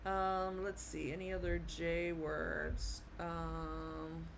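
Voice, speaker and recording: Slow, patient woman teaching Spanish. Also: fairly low pitch, flat delivery, gravelly, a little hiss or hum. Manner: slow, patient, spells out and repeats sounds. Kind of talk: online language lesson.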